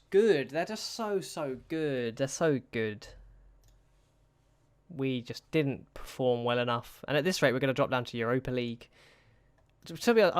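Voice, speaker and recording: A young man, a gaming YouTuber, casually and anxiously narrates a football management game, muttering to himself and begging his players to perform. His voice is smooth and medium-pitched, and the recording is dry.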